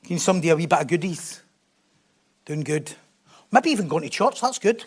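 A man's voice: on the high side, expressive, brisk, husky. A man preaching a sermon in a conversational way, often laughing and joking at his own expense.

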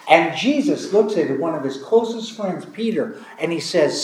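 This is a man preaching in a church, with a slightly high voice that swings up and down a lot. He talks conversationally and acts out the dialogue in his stories. The sound is roomy and echoing. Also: normal speed, hardly any pauses, slight background noise. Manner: conversational, animated storytelling with acted-out dialogue. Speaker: pastor. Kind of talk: sermon. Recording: echoey room.

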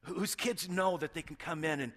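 Delivering a sermon with earnest conviction, a middle-aged pastor frequently restarts words and alternates loud stresses with quiet passages. His voice is a little high, his delivery fairly quick.

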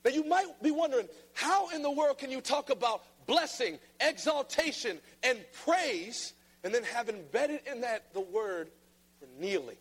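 A man preaching a sermon, playful and then emphatic, often mimicking flat reading voices. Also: very high-pitched, moderate pace, breathy edge. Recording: long reverb of a large hall.

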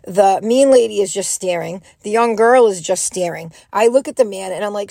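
A middle-aged woman telling a personal story in a casual, animated way, acting out what people said. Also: fairly high pitch, normal speed, vocal fry, hardly any pauses, dry recording. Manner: animated, quotes people in raised voices.

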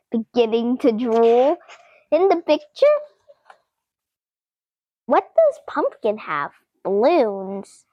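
A woman's voice: fairly high pitch, darkish tone, husky, dry recording, muffled recording. A woman reading a picture book aloud to children, playful and full of exclaiming asides. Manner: playful, exclaiming, chats to kids.

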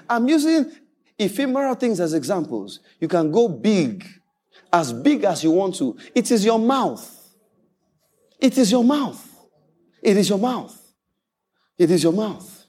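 A man preaching an animated sermon as pastor, playfully mimicking people and repeating declarations. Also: high voice.

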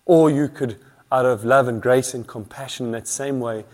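A man's voice: mid-range voice, fairly even intonation, moderate pace, a little mellow. A man preaching an earnest sermon as a pastor, building emphasis through repeated phrases.

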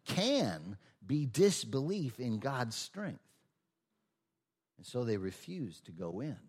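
A male pastor preaching with a lively, wide-ranging pitch that swings up when he acts out voices from the story. He keeps it conversational, dropping in "okay?" and "right?" to check in with his congregation. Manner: acts out biblical voices with jumps in pitch and volume. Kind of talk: sermon.

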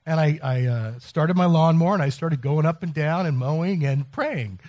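A man's voice: on the high side, normal speed, darkish tone. Rambling, self-interrupting male pastor. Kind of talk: sermon.

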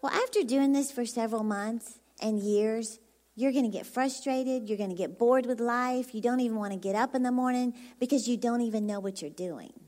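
A woman's voice: a little high, normal speed, darkish tone. A woman from Dallas with a Texan accent and a very youthful, childlike voice, preaching as a bubbly, chatty guest speaker who laughs often. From Dallas, Texas. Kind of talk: sermon.

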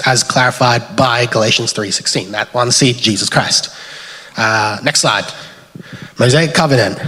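A man with an Australian accent giving a relaxed, chatty sermon with slides, thinking aloud as he goes. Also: mid-range voice. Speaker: preacher. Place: church hall. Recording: long hall reverb.

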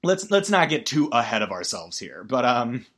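A man's voice: medium pitch, sing-song, normal speed, a bit bright, breathy edge. A man giving a casual, rambling movie recap as a podcast host, full of fillers and wry emotion.

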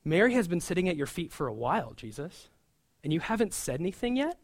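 A man's voice: high voice, very animated, quick pace, no echo, clean studio sound, exaggerated voice. A man voicing a resentful, overworked woman who feels unseen, pleading with indignant questions.

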